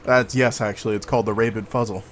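A man's voice: lowish voice, fairly even intonation, fast talker, slight background noise. A man commenting casually on the game he is playing and swearing freely as he goes. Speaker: let's play gamer.

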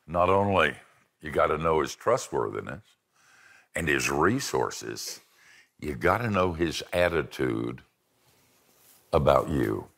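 A man's voice: extremely low pitch, lively intonation, slow pace, gravelly, pauses often, a bit bright. An older man preaching a sermon with folksy, self-deprecating humor and storytelling. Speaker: pastor and seminary teacher.

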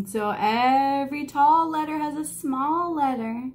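Playful woman reading a children's book slowly. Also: high voice. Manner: playful, expressive, drops to whispers and rises in excitement. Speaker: children's storybook reader. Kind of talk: reading a picture book aloud to kids.

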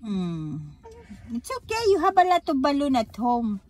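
A young Filipino mother with an accent, gently scolding and comforting her crying son as she films a family vlog. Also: a little high, very animated, normal speed. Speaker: mother filming her son's birthday.

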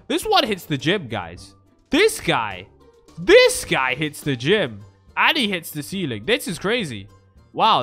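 Excitable young man gaming, lively pitch. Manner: excitable, jokey, swings between shouting and nervous muttering. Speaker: gaming YouTuber. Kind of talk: Minecraft let's play commentary.

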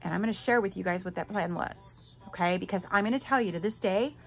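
A woman's voice: medium pitch, quick pace, soft background music. A middle-aged woman hosting a podcast, telling a personal story candidly and emphatically, talking straight to her listeners and swearing casually. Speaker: podcast host.

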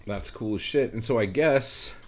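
A man's voice: medium pitch, moderate pace. A man hosting a podcast, delivering a heated, sarcastic rant packed with profanity. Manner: swears constantly, heated and sarcastic. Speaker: podcast host. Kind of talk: profane ranting monologue.

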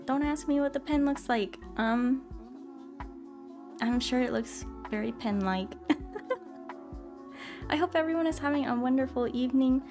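A woman with a high-pitched voice talks a little slowly and pauses often while streaming a game. She chats casually, apologizes, and greets viewers by name in a bubbly way, with game music in the background.

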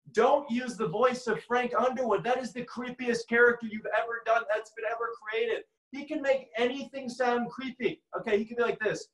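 A man's voice: high voice, fairly bright tone, echoey room, poor audio. A young man doing a stand-up impressions set from home, with a radio-announcer voice and dry jokes. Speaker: comedian. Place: at home, filmed by his mother.

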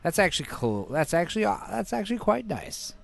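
Animated jokey host, slightly high voice, casual watch-along banter. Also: male voice, a little fast, vocal fry.

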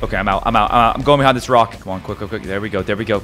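A man giving excited gameplay commentary as a gaming YouTuber, yelping and repeating himself as the action unfolds. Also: fairly low pitch, racing, faint music behind. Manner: excitable, yelps and repeats phrases.

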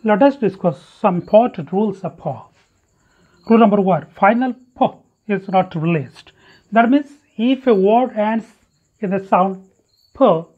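An English teacher with a medium-pitched, breathy voice gives a phonetics lesson in a dull lo-fi recording. The teacher drills example words one by one and corrects wrong pronunciations.

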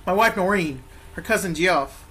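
A man voicing a lazy, corrupt London policeman who talks in loud, scornful slang. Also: sits high, lively intonation, moderate pace, husky, full character voice. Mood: brash.

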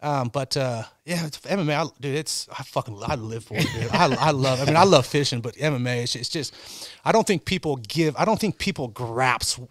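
A man's voice: medium pitch, animated, a little fast, hardly any pauses, no room sound. A man from Northern California telling rambling, profanity-laced stories as a guest on a casual podcast. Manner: profane, rambling storyteller, swears constantly. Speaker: guest, angler and former amateur fighter.

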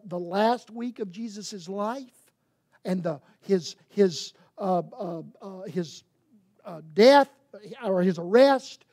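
A woman's voice: fairly high pitch, darkish tone. A woman preaching a sermon, emphatic, asking rhetorical questions and sometimes restarting mid-sentence.

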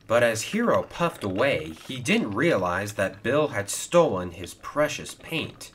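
A man narrating a children's story, lively and expressive. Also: fairly low pitch, a little slow, hardly any pauses, slightly rough.

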